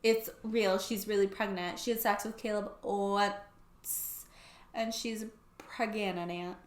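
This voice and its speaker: A woman's voice: mid-range voice, steady tone, slow. Chatty young woman in an echoey room. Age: young adult. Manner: chatty and sarcastic, heavy use of "like". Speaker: book YouTuber. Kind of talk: casual book plot summary.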